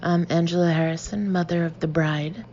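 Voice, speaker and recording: A woman's voice: on the low side, steady tone, slow, vocal fry, dark tone, dull audio, a little hiss or hum. A woman reading an audiobook voices a middle-aged mother who is suspicious and curt, speaking in a pointed, aggressive way. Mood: snide.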